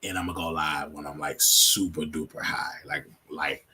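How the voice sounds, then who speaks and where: A man's voice: a bass voice, steady tone, normal speed, bright, forceful tone, breathy edge. A man hosting his own show, chatting casually and rambling on a livestream, laughing often. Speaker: show host.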